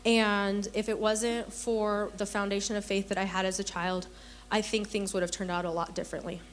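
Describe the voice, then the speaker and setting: A woman's voice: medium pitch, flat delivery, normal speed, slight background noise. Woman giving an earnest church testimony. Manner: earnest storytelling, acts out quoted voices. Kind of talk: personal testimony.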